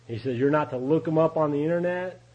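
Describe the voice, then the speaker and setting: At an AA meeting, a middle-aged man with a slightly high, somewhat mellow voice tells his recovery story quickly in a folksy, confessional style. He often laughs while acting out what others said, and the recording is muffled.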